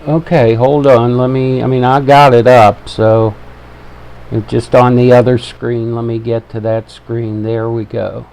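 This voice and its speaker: Measured in pace, he talks at a medium pitch with a level, darkish tone. With an Ohio accent, he hosts an informal trading webinar live, easygoing and jokey toward viewers, fussing with the levels of a desk microphone he adjusts as he goes.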